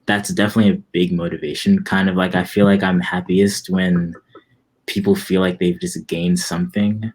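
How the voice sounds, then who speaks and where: A young man in his twenties, a musician guest in a casual interview, talking in a relaxed, rambling way with lots of fillers. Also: deep voice, moderate pace.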